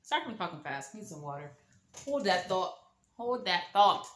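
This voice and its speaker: A woman's voice: on the low side, sing-song, moderate pace, a bit bright, reverberant. A young woman telling a dating storytime in a sassy, dramatic way, full of slang and mock-shocked asides. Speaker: storytime vlogger. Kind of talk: animated storytime monologue.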